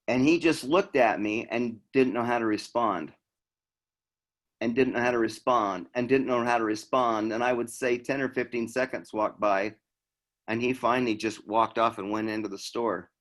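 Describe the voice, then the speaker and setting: A man's voice: mid-range voice, normal speed. A middle-aged man from Utah, a law enforcement trainer telling a story in a conversational training talk and acting out the dialogue.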